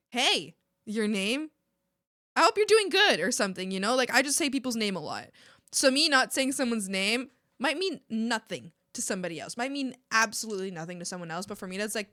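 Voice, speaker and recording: Young woman streamer ranting while she draws, bright voice, dry close mic, cusses a lot. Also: medium pitch, no room sound. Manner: animated, swears a lot, laughs often. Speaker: art streamer. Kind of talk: casual chat while drawing.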